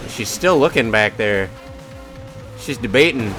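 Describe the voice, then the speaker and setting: A man's voice: medium pitch, lively intonation, a little slow, fairly bright tone, soft background music. A man casually commenting on his own racing game during a live stream, chatting to his cat and to himself. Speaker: gaming streamer.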